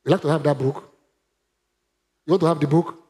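A man's voice: fairly high pitch, steady tone, fairly quick, dark tone. A man preaching a sermon, emphatic and calling on the congregation to repeat after him. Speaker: pastor.

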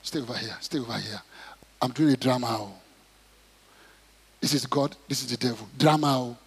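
A middle-aged man preaching a sermon, acting out prayers and Bible stories and rising to shouts. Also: mid-range voice, normal speed, gravelly, breathy edge. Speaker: pastor. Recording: long hall reverb.

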